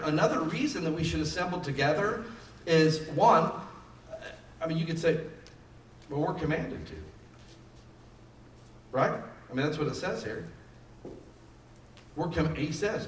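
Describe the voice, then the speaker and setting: A man's voice: on the high side, lively intonation, moderate pace, long pauses, recorded from a distance, slight background noise. Man preaching in an echoey room. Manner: conversational preaching, rising emphasis on key phrases. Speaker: pastor. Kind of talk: sermon.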